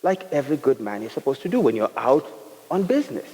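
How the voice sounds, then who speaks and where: A man's voice: mid-range voice, very animated, quick pace, dark tone. A man with a Kenyan accent giving a humorous talk to a live audience, telling comic stories and teasing the crowd. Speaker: speaker. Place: event hall with a live audience. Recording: reverberant hall, faint noise.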